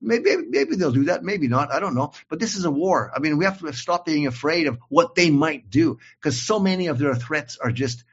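A man with a slightly raised, husky voice talks over a video call, rambling and repeating himself as he builds up to emphatic, defiant points. The audio is dull and lo-fi. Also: on the high side, animated, normal speed, few pauses. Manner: rambling, repeats words while searching for them. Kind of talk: casual online conversation.

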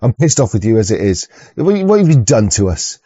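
A man's voice: fairly low pitch, big pitch swings, a little fast, warm tone, breathy edge, no echo, muffled recording. A man who rants through a video reaction, swearing and stumbling over his words. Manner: profane, stammering, rambling rant. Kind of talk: ranting reaction commentary.

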